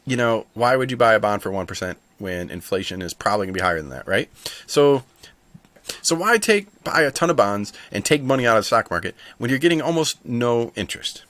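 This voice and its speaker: A man's voice: medium pitch, very animated, brisk, fairly bright tone, no echo. A man hosting a stock market video, chatting casually and thinking aloud with asides. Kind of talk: casual market commentary to camera.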